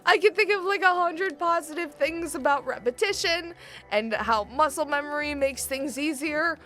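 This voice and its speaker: A woman's voice: sits high, normal speed, pushed and bright, soft background music. A woman streaming a game, chatting casually with her viewers, laughing often and swearing freely. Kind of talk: casual gameplay chat with chat.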